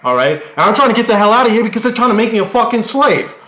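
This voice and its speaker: A man voicing a foul-mouthed male centaur refugee who shouts indignantly, recorded in an echoey room. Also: sits high, lively intonation, fast.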